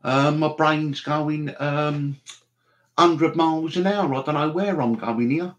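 A man's voice: fairly high pitch, slow pace, lo-fi sound. A man hosting a live stream, rambling and chatty, with mock exasperation. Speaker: livestream host.

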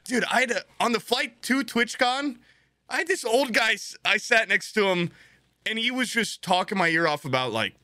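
Speaking at a moderate pace in a voice that sits high, a young man co-hosts a podcast and spins profane, lively anecdotes, doing impressions of the characters. There's no echo on the recording.

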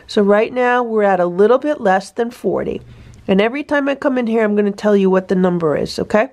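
A woman filming a cat vlog, explaining feral cat trapping and softly coaxing a trapped cat to relax. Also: mid-range voice, fairly quick. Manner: soothing, coaxing baby talk to a trapped cat. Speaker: cat rescuer vlogger. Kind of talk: casual vlog narration and talking to a cat.

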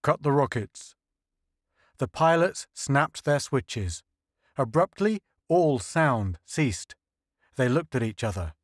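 A man reading science fiction as an audiobook narrator in an even, measured way. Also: mid-range voice, dry recording, studio quality. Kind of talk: scripted narration.

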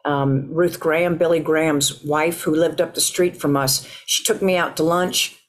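An author reflects on what encouraged their writing. The speech is hesitant, with many ums and restarts. The voice sits at a middle pitch. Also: steady tone, normal speed. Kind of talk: reflective interview answer.

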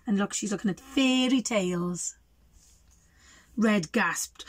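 A woman teacher reading a picture book aloud to children, pausing to ask them questions. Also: medium pitch, husky, no echo.

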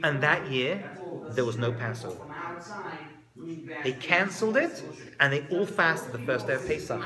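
A man giving a lively lecture that retells a biblical story, talking conversationally and dropping joking asides. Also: on the high side, normal speed, crowd noise. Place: live talk before an audience. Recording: live talk with audible audience.

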